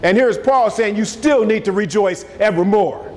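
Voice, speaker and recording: A man's voice: high voice, normal speed, a little mellow. A man preaching a sermon, emphatic and calling out to his congregation. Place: church sanctuary. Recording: long reverb of a large hall, faint noise.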